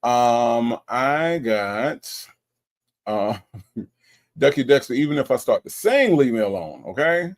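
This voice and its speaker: A man's voice: mid-range voice, sing-song, slow pace, long pauses. A man hosting a casual livestream, reading chat comments aloud and joking, often stumbling and repeating himself.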